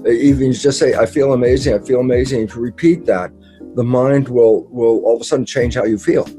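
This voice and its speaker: A man's voice: medium pitch, brisk, soft background music. A man speaking as an interview guest. He explains his ideas with energy and acts out his own quoted conversations, stressing points through repetition. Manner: animated storyteller who acts out his own quoted dialogue; emphatic and repetitive, with occasional laughs and mild swearing.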